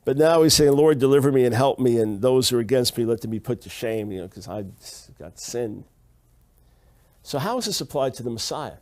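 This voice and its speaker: A man's voice: mid-range voice, animated, fairly quick, darkish tone. A man giving a Bible teaching lecture, reading Hebrew passages aloud and driving his points home by repeating them emphatically. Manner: emphatic, repeats key phrases.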